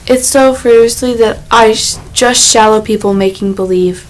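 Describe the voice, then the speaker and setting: A woman's voice: on the high side, moderate pace, close to an everyday voice, rough recording. A woman reading an audiobook voices a flustered, hesitant young British man who apologizes and reassures kindly. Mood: reassuring.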